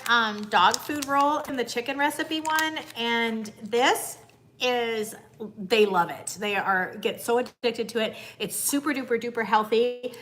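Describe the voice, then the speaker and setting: A woman's voice: on the high side, fairly bright tone, slight background noise. A woman hosting a casual live stream, bubbly, greeting viewers by name and cooing to her dog. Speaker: livestream host.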